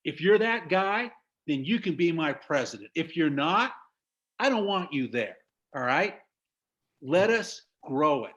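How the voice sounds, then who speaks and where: A man's voice: on the high side, big pitch swings, a little slow, a bit bright, highs cut off. A middle-aged man from the United States giving an emphatic motivational business talk over a video call. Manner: emphatic, preachy, laughs at own stories. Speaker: business trainer.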